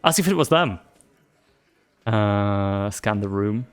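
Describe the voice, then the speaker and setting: A man's voice: on the low side, expressive, slow pace, smooth. A man playing a game on stream, reading its narration aloud and chatting casually. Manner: reads narration aloud, laughs often.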